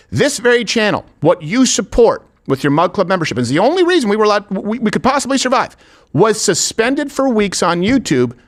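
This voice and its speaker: Sarcastic guy hosting a talk show, joking around, voice jumps all over. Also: high-pitched. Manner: animated, sarcastic, joking with co-hosts. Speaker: show host. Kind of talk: opinionated comedic commentary.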